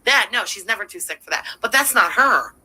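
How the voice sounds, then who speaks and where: A woman's voice: medium pitch, lively intonation, brisk, bright, forceful tone, husky, low-quality recording. A woman hosting a livestream, giving profane, sarcastic running commentary while thanking viewers. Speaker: livestream host.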